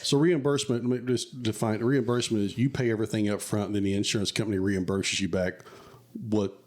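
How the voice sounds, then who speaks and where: A man's voice: on the low side, steady tone, fast talker, darkish tone. A man co-hosting a podcast in casual chat, prompting his co-host with questions and defining terms.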